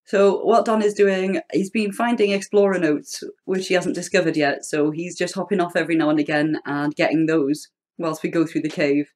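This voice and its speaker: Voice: mid-range voice, flat delivery, moderate pace, few pauses, darkish tone. A host giving chatty, rambling gameplay commentary as a voice-over recorded at home. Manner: chatty, rambling, self-deprecating.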